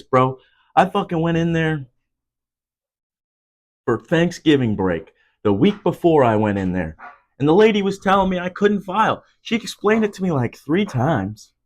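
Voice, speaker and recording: A young man in his twenties talks alone into the mic from home, swearing freely as he rants. He drifts between low, loose chatter and sudden sharp leaps up in pitch when something riles him. His voice sits at an ordinary middle pitch for a man. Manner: profane, heated ranting with sudden jumps up in pitch. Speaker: podcast host. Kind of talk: casual solo rant.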